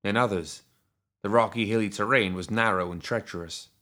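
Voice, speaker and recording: Male audiobook narrator with a somewhat low voice; steady, measured reading of a dark western fantasy.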